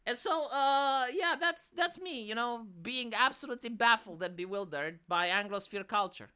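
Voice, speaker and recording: A woman's voice: fairly high pitch, moderate pace, clean tone. A woman with a Romanian accent, ranting in casual, profane commentary on a live stream. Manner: profane, exasperated, animated.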